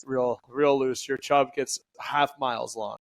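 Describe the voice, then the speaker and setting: A man's voice: mid-range voice, fairly even intonation, measured pace, gravelly. Canadian podcast co-host, man, loose rambling delivery, mid voice. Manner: rambling, trips over words, laughs at himself. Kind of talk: casual chat.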